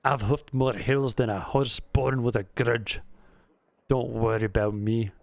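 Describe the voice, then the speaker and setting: A man voicing an old, gruff male giant warrior in a put-on Scottish accent, blunt and crude, while reading game dialogue aloud. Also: medium pitch, fairly even intonation, unhurried, no room sound.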